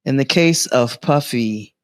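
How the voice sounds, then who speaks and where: A man with a middle-pitched voice, recorded close and dry with no room sound. He tells stories in casual podcast chat, slips into voices for the people he quotes and laughs often. His delivery is lively. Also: a little slow, no echo. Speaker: podcast co-host.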